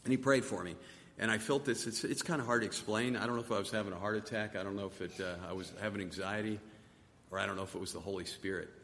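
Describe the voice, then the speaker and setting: A middle-aged man giving a personal testimony, halting and soft-spoken, often repeating his words. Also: lowish voice, steady tone. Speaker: testimony speaker. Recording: long hall reverb, faint noise.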